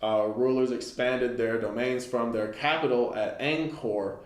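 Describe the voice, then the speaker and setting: A man's voice: medium pitch, fairly even intonation, measured pace. A man giving an informal Bible study lesson, reading a text aloud and commenting loosely with many fillers. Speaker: Bible teacher. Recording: echoey room.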